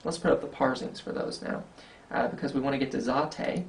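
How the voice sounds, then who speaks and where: Gravelly man lecturing over slides. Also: medium pitch, fairly quick, slight background noise. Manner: explanatory, thinking aloud with fillers and rhetorical questions. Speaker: Greek teacher.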